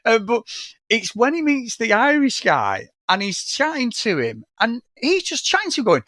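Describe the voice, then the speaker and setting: A man with a fairly high voice chats loosely and excitably, swearing freely and breaking into laughter. The sound is dry and close, with no room around it. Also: moderate pace, vocal fry, no echo. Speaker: podcast co-host reviewing films. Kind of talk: casual chat.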